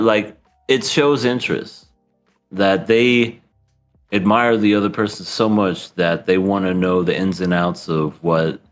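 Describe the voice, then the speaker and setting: A man co-hosting a podcast, chatting about anime in an animated, joking way. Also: low-pitched, a little slow, faint music behind. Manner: animated and joking, swooping into silly voices. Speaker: podcast co-host. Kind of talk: casual chat reviewing anime.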